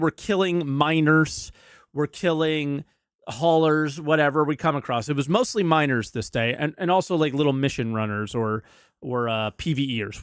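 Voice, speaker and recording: A man with a slightly high voice co-hosts a casual gaming podcast. He tells his story in a laid-back, explanatory way, as a streamer would. The recording is close and dry. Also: no room sound.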